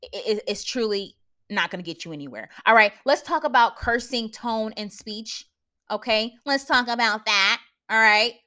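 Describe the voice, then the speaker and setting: A woman's voice: fairly high pitch, normal speed, bright, forceful tone. A young adult woman hosting a podcast, giving blunt, preachy advice in casual slang, often laughing and asking listeners if they follow. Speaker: podcast host.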